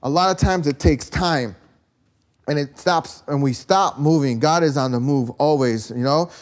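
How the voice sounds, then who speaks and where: A man's voice: on the high side, normal speed. Man preaching a chatty, rambling sermon. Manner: rambling storytelling, peppered with "you know" and "right?"; rhetorical questions to the congregation. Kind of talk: conversational sermon.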